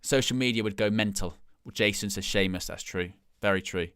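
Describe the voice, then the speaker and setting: A man's voice: fairly low pitch, brisk, a bit bright, clean tone, dry recording, studio quality. A man hosting a live stream, giving casual watch-along commentary and thinking aloud as he talks.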